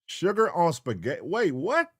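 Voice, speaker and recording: A man hosting a casual livestream reaction show, talking with profanity and calling out viewer names in an animated roll call. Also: a little high, normal speed, breathy edge. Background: hip hop music.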